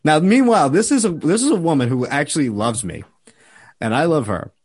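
A man hosting a podcast, telling a profane, animated story in casual chat. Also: on the high side, brisk, husky. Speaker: podcast host.

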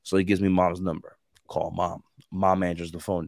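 A man with a fairly low voice co-hosts a podcast, telling stories casually. He acts out the other people's lines with plenty of life. His voice sounds dry and close, with no room around it. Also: moderate pace, vocal fry, no echo. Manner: lively storyteller acting out quoted voices. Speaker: podcast co-host. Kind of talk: casual storytelling chat.

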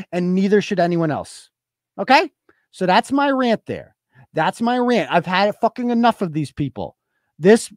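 A man's voice: very high voice, no echo. Furious, profane man ranting into a dry mic. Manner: furious, profane, shouting bursts. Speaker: podcast host. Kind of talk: angry political rant.

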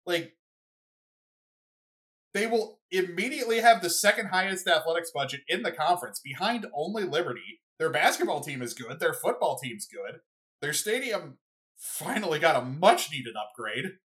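A young adult podcast host in a casual solo rant, rambling and excitable, with lots of "like" and "you know". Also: mid-range voice, normal speed. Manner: rambling, filler-heavy, excitable.

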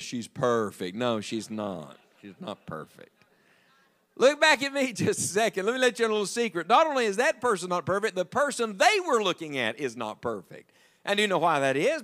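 A middle-aged man, preaching a sermon as an evangelist in a folksy, storytelling way. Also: high voice. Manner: folksy, animated storytelling with jokes to the congregation.

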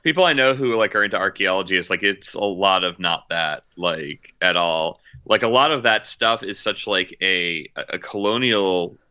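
A man's voice: low voice, moderate pace, hardly any pauses, bright, forceful tone, smooth, no room sound, lo-fi sound. A man chatting casually about movies, rambling with lots of fillers and restarts. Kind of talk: casual chat.

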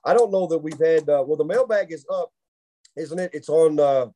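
A man, co-hosting a podcast and telling a long funny story in a casual, animated way, often laughing. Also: on the high side, moderate pace. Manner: animated storyteller who laughs through his own tale. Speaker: podcast co-host.

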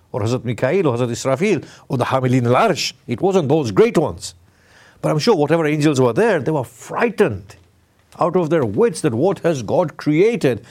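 A middle-aged man preaching a conversational sermon, putting questions to his listeners and slowing down to stress key words. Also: medium pitch, a little mellow. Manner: questions the audience, emphatic with sudden slow stresses. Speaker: Islamic preacher.

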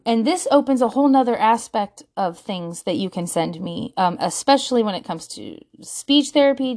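A woman's voice: a little high, darkish tone. A woman in her thirties, chatting casually to camera as a parenting vlogger, self-mocking and laughing often.

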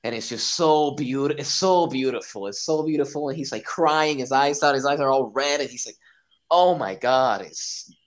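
A man chatting excitedly on a podcast, swearing often and acting out his own reactions. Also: mid-range voice, moderate pace, few pauses, rough recording. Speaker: podcast guest. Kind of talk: casual podcast chat.

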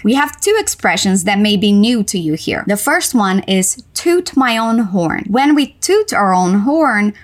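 A woman teacher whose first language is Portuguese, drilling English phrases syllable by syllable for learners to repeat. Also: a little high. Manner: slow, syllable-by-syllable drilling with lively intonation. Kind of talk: repeat-after-me pronunciation lesson.

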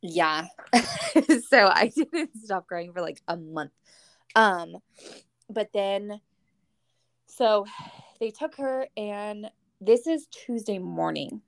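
A woman's voice: medium pitch, expressive, very slow, vocal fry, long pauses, dry recording. A woman as a podcast guest, telling a personal story in casual chat, candid and emotional, swearing casually.

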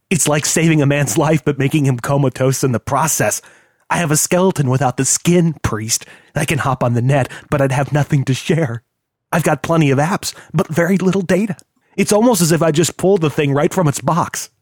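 A man's voice: fairly high pitch, dry recording, studio quality, natural voice. A man voicing a volatile, heavyset male hacker who hisses and rants in bitter, profane outbursts. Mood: despairing. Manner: hissing, ranting, drawn-out bitter outbursts.

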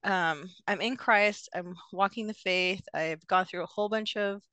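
A woman's voice: medium pitch, moderate pace, pushed and bright, no room sound. A young woman, a podcast guest, telling a personal story in a hesitant way with many fillers and restarts. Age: young adult.

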